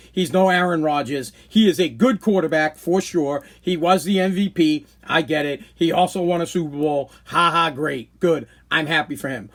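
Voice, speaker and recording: A man talks in a fairly high voice for a man. He rants casually and opinionatedly, joking and blunt, like a host chatting on his own podcast stream. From Boston, New England. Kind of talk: casual live-stream rant.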